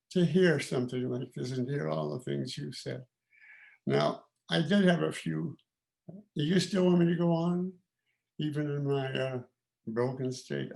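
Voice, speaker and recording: Very gravelly-voiced man in his eighties. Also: a little high, darkish tone. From Canada. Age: 80s. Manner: halting, with many pauses and restarts; reflective and candid. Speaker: guest of honour giving remarks. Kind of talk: informal spoken remarks.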